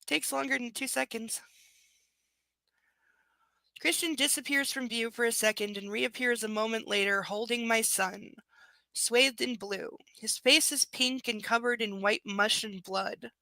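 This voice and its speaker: Young woman, live book reading, gravelly and dry, sarcastic asides. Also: on the high side, a little slow, sharp tone, dry recording. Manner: snarky, profane commentary between passages. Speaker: book reader.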